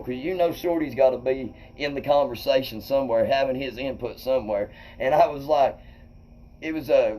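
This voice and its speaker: Animated man telling a story. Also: a little high, slight background noise, poor audio. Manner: animated, swearing, acts out quotes loudly. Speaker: comedian host. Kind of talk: casual storytelling to viewers.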